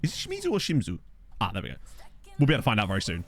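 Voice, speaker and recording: Chatty man streaming a game, lively voice. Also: on the low side, very fast, husky, faint music behind. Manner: chatty, self-mocking, laughs often, reads chat aloud. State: hiccuping. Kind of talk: casual live-stream chat over a management game. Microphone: desk USB microphone.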